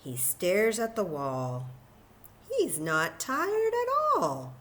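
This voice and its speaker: Animated woman reading to kids. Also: fairly low pitch, slow pace. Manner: animated, enthusiastic, talks to children. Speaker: children's librarian. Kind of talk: children's story time reading.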